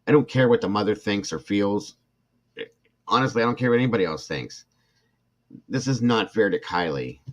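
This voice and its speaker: A middle-aged man with a lowish voice and lively intonation hosts a true crime livestream, moving at a moderate pace and pausing often. He reads a report aloud, gets emotional and irritated, and speaks to chat viewers by name.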